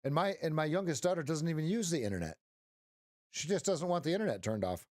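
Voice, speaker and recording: A man's voice: fairly high pitch, animated, quick pace, a little mellow, no echo, studio quality. A middle-aged man hosting a casual live trading stream as a coach, rambling and joking with frequent restarts and "right?" tags.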